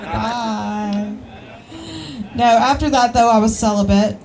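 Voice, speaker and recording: A woman's voice: a little high, fairly even intonation, takes it slowly, noisy background. A woman from Alabama, performing a crude stand-up comedy set with rambling asides. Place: live outdoor show with audience.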